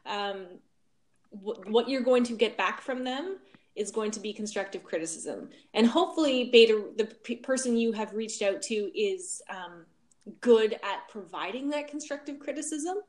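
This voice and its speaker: A woman's voice: on the high side, expressive, normal speed, a little mellow. Thoughtful woman podcast host. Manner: thoughtful, restarts mid-sentence. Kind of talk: casual podcast discussion.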